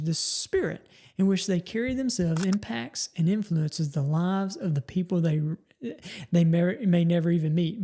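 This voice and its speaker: A middle-aged man hosts a motivational podcast. His voice has a gravelly, creaky edge. He speaks in a folksy, conversational way, restarting and repeating words as he goes. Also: sits high, dark tone. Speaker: podcast host. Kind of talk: motivational talk.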